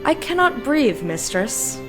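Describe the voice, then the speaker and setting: A woman voicing a dry, sarcastic servant robot in a deadpan, formal way. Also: a little high, slow pace, music in the background.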